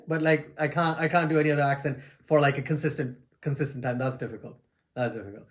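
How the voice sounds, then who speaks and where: A man's voice: on the high side, fast talker. A man who is the guest co-host of a reaction video, chatting enthusiastically with lots of energy and frequent laughs. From England. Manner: enthusiastic, animated, laughs often. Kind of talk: casual reaction chat.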